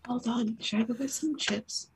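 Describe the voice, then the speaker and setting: A woman's voice: fairly high pitch, moderate pace, background noise. A woman co-hosting a casual podcast, teasing the others and laughing along. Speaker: podcast co-host. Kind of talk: casual chat.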